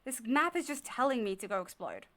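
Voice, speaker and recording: Bright-voiced woman streaming gameplay. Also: a little high, very animated, fairly quick. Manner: chatty, easily spooked, talks to herself. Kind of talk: live gameplay commentary. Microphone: desk microphone.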